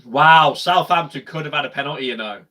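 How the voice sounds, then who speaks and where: A young man with a bright, fairly high voice, talking through a live football match for his stream. He chats loosely to viewers, then bursts into loud, cheering shouts when play heats up. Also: a little fast. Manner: chatty, swings to loud shouting at goals. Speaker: football watch-along streamer. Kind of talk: live match watch-along commentary.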